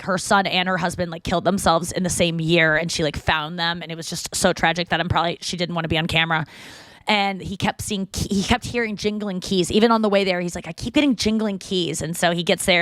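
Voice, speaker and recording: A woman's voice: lowish voice, dry recording. A woman hosting a podcast, telling a rambling story and acting out the people in it in casual chat. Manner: rambling storyteller, acts out quoted voices. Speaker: podcast host.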